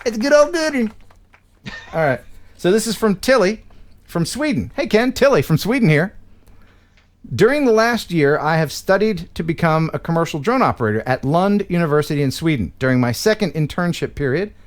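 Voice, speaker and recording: Animated American male stream host. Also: a little high, brisk. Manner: animated, laughs and cries out while reacting to clips. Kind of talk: casual live-stream chat and reading viewer mail.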